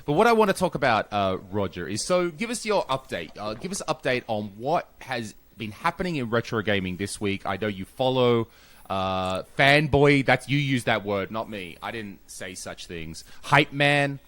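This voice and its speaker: Male podcast host, animated pitch, casual chat, prompting questions. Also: moderate pace.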